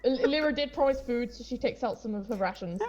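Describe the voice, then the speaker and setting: A woman's voice: a little high, lively intonation, fast, darkish tone, lo-fi sound. A woman playing a tabletop game, earnest and cheerful as she speaks in character. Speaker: player.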